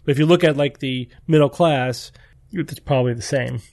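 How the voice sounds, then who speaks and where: A man's voice: medium pitch, moderate pace, a little mellow, dry recording. A man hosting a casual podcast chat, conversational and leading the topics. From United States. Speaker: podcast host.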